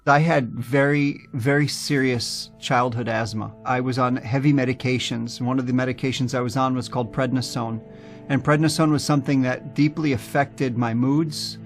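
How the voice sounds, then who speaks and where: A man from the United States telling his personal testimony in an earnest, animated way. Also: mid-range voice, normal speed, soft background music. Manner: earnest, animated, acts out quoted voices. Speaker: speaker giving a personal testimony.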